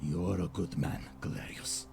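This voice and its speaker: An actor playing a grumpy elderly Roman man with aching joints in a game, gruff and touchy. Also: low-pitched, unhurried, music in the background, exaggerated voice. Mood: relieved. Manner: gruff, touchy, then grateful.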